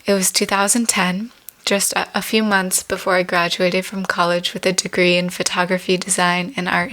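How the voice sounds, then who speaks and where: A woman in her twenties reading her own memoir aloud in a measured, reflective way. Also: medium pitch, pushed and bright.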